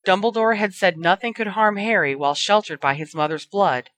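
A reader narrating a story in a measured, even storytelling manner. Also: mid-range voice, dry recording.

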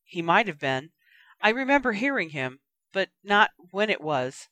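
A woman voicing a brooding teenage boy who talks in a flat, resigned way. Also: mid-range voice, normal speed, no echo.

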